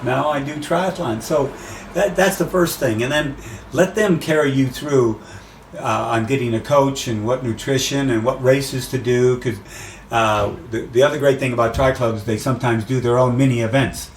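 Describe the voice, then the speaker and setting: A middle-aged man chats casually and with animation, leaping up in pitch whenever he acts out what people say. He sits back from the microphone, so his voice comes across roomy and distant. A faint hiss lies under it. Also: moderate pace. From USA. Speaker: race announcer guest. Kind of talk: casual interview chat. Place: outdoors by the sea.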